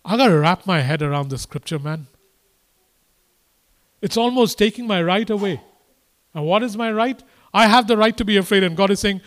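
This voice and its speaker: A man's voice: sits high, normal speed, pauses often. A man preaching a sermon, repeating his points and building to impassioned, emphatic exhortation.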